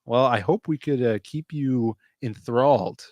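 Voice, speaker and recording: A man's voice: medium pitch, measured pace, darkish tone, no echo. A man co-hosting a casual livestream, rambling loosely and greeting people in the chat by name. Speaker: podcast co-host.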